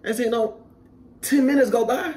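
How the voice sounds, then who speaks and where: His voice is extremely high, his pace moderate: a young vlog host cheerfully retells barracks stories, mimicking the people involved and breaking into frequent laughter.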